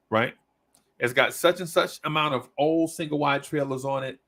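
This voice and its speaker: Gravelly man telling a story. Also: on the high side, normal speed. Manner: animated storyteller, acts out quoted voices. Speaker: podcast host. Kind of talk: casual storytelling chat.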